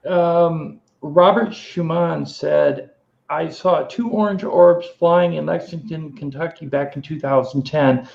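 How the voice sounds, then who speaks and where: A man's voice: on the high side, takes it slowly, gravelly, darkish tone, roomy sound, lo-fi sound. A man hosting a casual panel chat over a video call, narrating clips in an easygoing way and laughing often. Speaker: host.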